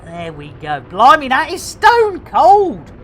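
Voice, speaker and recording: Middle-aged British woman game streamer, unhurried, cheeky banter, faint hum behind. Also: sits high, huge pitch swings, fairly bright tone. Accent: British English. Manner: jokey, slangy banter with chat. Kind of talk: casual live commentary while playing.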